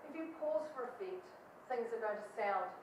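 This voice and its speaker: Lively New Zealand woman, speaking coach, higher voice; distant mic in an echoey hall with faint noise. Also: moderate pace. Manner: lively, emphatic, jokey. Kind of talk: talk to an audience.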